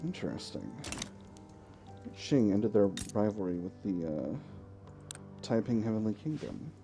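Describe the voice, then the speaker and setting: Chill guy doing a strategy game let's play, mellow voice, lots of ups and downs in pitch. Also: unhurried, faint music behind. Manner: relaxed, thinking aloud. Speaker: gaming channel host.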